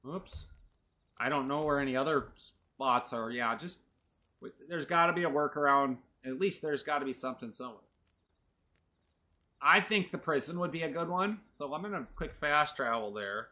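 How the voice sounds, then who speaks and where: A man's voice: on the high side, lively intonation, moderate pace, sharp tone. A man streaming a video game, rambling playfully to his chat as he plays. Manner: rambling, playful, talks to chat while playing. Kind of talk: casual gameplay commentary.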